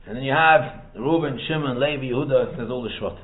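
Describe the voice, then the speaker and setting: A man giving a lively Torah lecture in English mixed with Hebrew and Yiddish terms, firing rhetorical questions and repeating phrases. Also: mid-range voice, fairly quick. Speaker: rabbi teaching Torah. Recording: echoey room over a tinny phone-like line.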